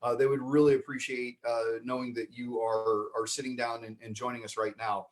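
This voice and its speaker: A man's voice: mid-range voice, little pitch movement, brisk. A man hosting an online improv comedy show, introducing the cast with rambling, filler-laden banter over a video call. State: mouth full of marshmallow. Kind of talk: livestream host banter.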